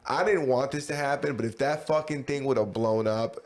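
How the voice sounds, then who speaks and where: A man's voice: mid-range voice, fairly quick, a little mellow. A man co-hosting a podcast, talking in a loose, rambling way full of slang and fillers. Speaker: podcast co-host. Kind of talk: casual chat.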